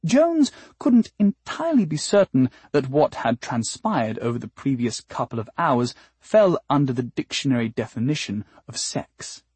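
A man narrating an audiobook in a wry, deadpan storytelling manner. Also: mid-range voice, normal speed, few pauses, breathy edge, no room sound.

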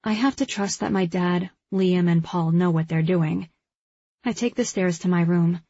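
Husky woman narrating an audiobook. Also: on the low side, normal speed, warm tone, no echo. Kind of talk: first-person scripted narration. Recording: dull lo-fi recording.

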